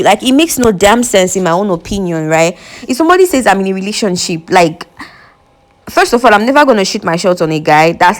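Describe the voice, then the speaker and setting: Chatty Nigerian woman gossiping on reality TV. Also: medium pitch. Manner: chatty, opinionated, reads out fan comments. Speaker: entertainment vlogger. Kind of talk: casual reality-show gossip commentary.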